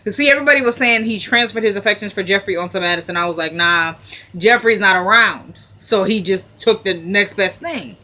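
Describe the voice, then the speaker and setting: A woman's voice: mid-range voice, a little fast, pushed and bright. A woman casually recapping a TV episode to her camera. She retells scenes by slipping into the characters' lines. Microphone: self-recorded camera.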